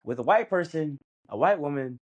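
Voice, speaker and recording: A man's voice: fairly high pitch, animated, moderate pace, muffled recording. A man co-hosting a casual film review, talking in a laid-back, reflective way. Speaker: podcast co-host reviewing a film. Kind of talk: casual chat.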